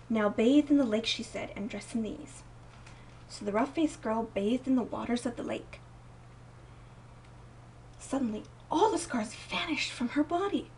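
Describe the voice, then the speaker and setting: A young woman reading a picture book aloud at home, gentle and expressive, softening her voice for quieter moments. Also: on the high side, gravelly, recorded from a distance, a little hiss or hum, poor audio. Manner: gentle, expressive read-aloud with soft dips for quoted lines. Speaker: storybook reader.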